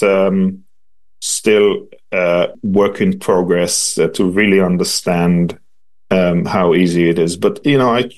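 A man with a fairly low voice explains, step by step, how a device he designs works. He talks in a measured, patient way and often stops on ums and restarts his phrases, as if building each answer as he goes. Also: darkish tone.

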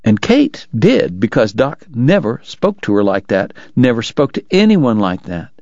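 Radio book reader guy, measured dramatic reading, dull dry sound. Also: mid-range voice, wildly swooping pitch, darkish tone, dry recording. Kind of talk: audiobook narration.

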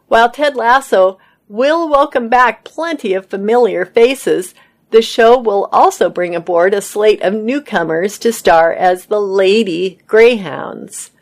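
A woman reading entertainment news articles aloud in a steady read-aloud manner. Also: medium pitch, a little slow.

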